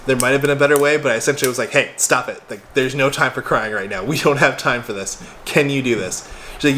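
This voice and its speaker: A man's voice: mid-range voice, fairly quick, bright, forceful tone, a little hiss or hum. A young man casually retelling a tense phone call from his helpline work, quoting both sides and swearing now and then. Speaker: former crisis helpline worker. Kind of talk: casual storytelling monologue.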